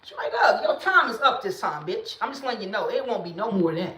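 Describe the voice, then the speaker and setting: A woman hosting a livestream in casual talk, blunt and emphatic, sometimes rising into loud preaching bursts, speaking into a phone or webcam. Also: medium pitch, big pitch swings, fairly quick, reverberant, a little hiss or hum. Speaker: livestream host.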